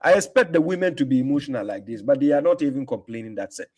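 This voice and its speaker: Male livestream host, combative and mocking, medium pitch, casual rambling delivery. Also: expressive, fast talker, a little mellow. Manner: combative, mocking, repeats himself for emphasis. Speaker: livestream host answering comments.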